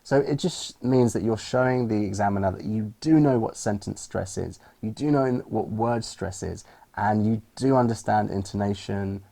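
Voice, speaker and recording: A man with a British accent teaching English pronunciation, explaining clearly and demonstrating stress with example sentences. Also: fairly low pitch, normal speed, warm tone. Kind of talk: explaining lesson to camera.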